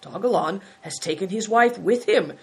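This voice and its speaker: A woman voicing a calm, sly male servant who speaks formally and deferentially, reading from a storybook. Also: medium pitch, normal speed, slightly rough.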